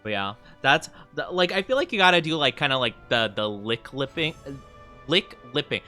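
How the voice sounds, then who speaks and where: A giggly man streaming a game, chatting to viewers in a playful ramble. His voice is bright and bouncy, swinging widely in pitch, with faint game music underneath. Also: very animated, normal speed. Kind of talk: casual live-stream chat while gaming.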